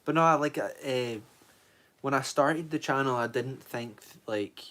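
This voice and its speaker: A young Scottish man talks loosely on a livestream, answering his chat with a rambling, easygoing flow. His voice sits at an ordinary middle pitch for a man. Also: a little slow, a bit bright. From Scotland. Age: 20s. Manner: rambling, reads out viewer comments and answers them. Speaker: streamer.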